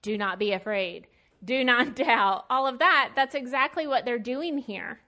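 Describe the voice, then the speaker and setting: Woman Bible teacher, fairly high voice, chatty, emphatic preaching with slang. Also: a little slow, pushed and bright. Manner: conversational and emphatic, with plain slangy asides. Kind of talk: casual sermon.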